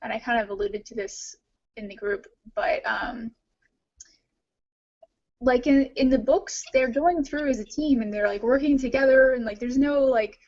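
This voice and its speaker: A woman's voice: a little high, normal speed, darkish tone. A woman co-hosting a podcast, talking casually and rambling with many fillers. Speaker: podcast co-host. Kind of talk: casual discussion. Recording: dull lo-fi audio.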